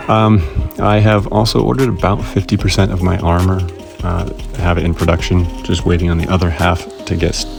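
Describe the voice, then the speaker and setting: Male vlog host, deep voice, dry self-deprecating jokes, faint music underneath. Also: creaky. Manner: wry, self-mocking humor. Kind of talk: casual scripted vlog narration.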